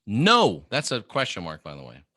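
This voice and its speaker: A middle-aged man hosting a livestream, delivering an animated, preachy monologue and mimicking the people he quotes. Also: on the low side, moderate pace, no room sound, clean studio sound. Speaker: host of an online channel.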